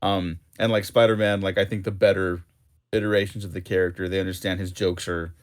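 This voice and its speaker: Lower-voiced man rambling with fillers. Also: little pitch movement, fairly quick. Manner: rambling, heavy use of "like" and fillers. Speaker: co-host. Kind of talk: casual comic book discussion.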